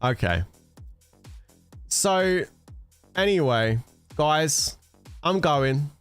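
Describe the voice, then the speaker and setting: A man hosting a casual gaming livestream, bantering and teasing his viewers with some swearing. His voice sits on the higher side for a man and swings lively up and down. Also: drawn-out words, clear, resonant tone, faint music behind. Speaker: gaming streamer.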